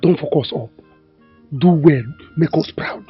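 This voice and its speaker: Brief: Nigerian man, quiet and instructive, over faint music in muffled film sound. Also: fairly high pitch, unhurried, breathy edge. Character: calm man guiding a suitor at the palace. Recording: slightly dull film audio, faint music.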